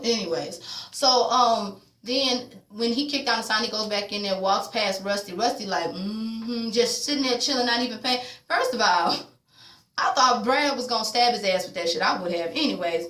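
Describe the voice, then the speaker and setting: A young adult woman doing a casual, profane TV episode recap, blunt and sassy, with lively voiced quotes of the characters. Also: on the high side, normal speed. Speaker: TV recap vlogger. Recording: echoey room.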